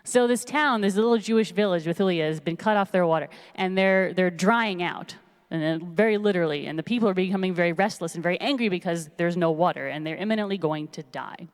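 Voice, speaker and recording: A woman rabbi retelling a story in a casual, lively sermon in a synagogue sanctuary. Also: lowish voice, fast talker, smooth. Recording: long reverb of a large hall.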